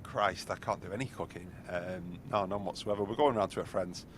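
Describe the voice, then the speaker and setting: Rambling man, low voice. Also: a little fast, slight background noise. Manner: rambling, heavy on fillers like "you know". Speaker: podcast host. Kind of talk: casual chat.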